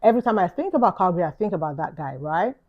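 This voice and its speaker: A woman's voice: on the low side, sing-song, rapid-fire, dull audio. A woman with a London accent giving an earnest, reflective vlog monologue, repeating key phrases for emphasis. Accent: London English. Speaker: YouTuber.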